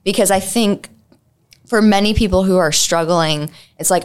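A woman's voice: medium pitch, normal speed, clear, resonant tone. A woman co-hosting a podcast, talking earnestly and reflectively, with lots of "like"s. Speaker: podcast co-host, mental health clinician. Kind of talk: casual chat.

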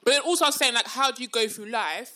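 A woman's voice: on the high side, fast. A woman, telling a story in casual chat and acting out the quotes. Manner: animated, acts out quotes, laughs often. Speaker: podcast co-host.

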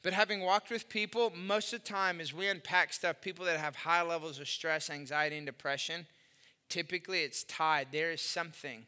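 A male pastor delivers a sermon with a high, piercingly bright voice. He tells stories animatedly, rising to loud bursts and dropping to quiet, earnest passages. The sound carries a long hall reverb. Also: moderate pace. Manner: animated storytelling, swings from loud to hushed.

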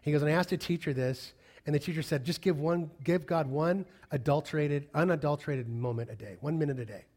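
A man preaching a sermon, speaking conversationally and moving between soft, hushed passages and raised, emphatic lines. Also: fairly high pitch, a little fast. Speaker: pastor.

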